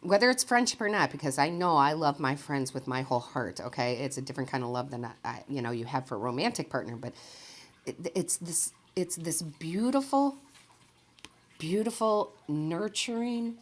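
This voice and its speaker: A woman's voice: extremely low pitch, fast, hardly any pauses. A woman giving a casual, chatty tarot reading straight to her viewers, rambling and enthusiastic and often breaking into laughter. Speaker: tarot reader and medium.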